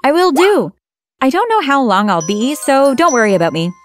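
A woman's voice: sits high, sing-song, normal speed. A young woman narrating her own story in the first person, acting out her own lines with feeling. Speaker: narrator and lead character. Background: background music.

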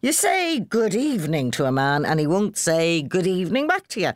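A woman's voice: lowish voice, very animated, normal speed, no echo, studio quality, pitched above the performer's own voice. A woman reading as a drunk jovial Irishman. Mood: boisterous. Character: drunk, jovial young Irish working man.

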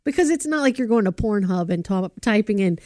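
A woman's voice: mid-range voice, expressive, a little fast, darkish tone, no echo, studio quality. Candid, laughing female podcast co-host. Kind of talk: casual chat.

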